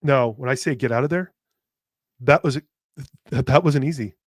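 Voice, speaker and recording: Man with halting, heartfelt podcast talk. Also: mid-range voice, no room sound, studio quality. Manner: halting and emotional, with frequent restarts and repeated words; blunt, with casual swearing. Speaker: podcast host. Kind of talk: candid personal podcast monologue.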